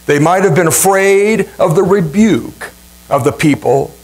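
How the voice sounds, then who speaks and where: A male pastor preaching a sermon with emphatic, dramatic repetition and swings in pitch. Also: unhurried, a little mellow, breathy edge, low-quality recording. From Ohio, USA.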